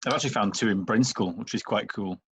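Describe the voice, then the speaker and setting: A man's voice: fairly low pitch, fast talker, a bit bright, breathy edge. A man in casual chat, polite and matter-of-fact, asking questions and explaining plans. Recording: muffled, dull audio.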